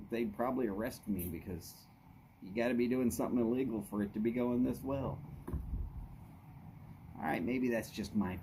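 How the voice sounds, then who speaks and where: A man's voice: fairly low pitch, noisy background. A man, casually chatting with viewers on his live stream, greeting them by name in an easy drawl. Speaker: livestream host. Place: outdoors at his house.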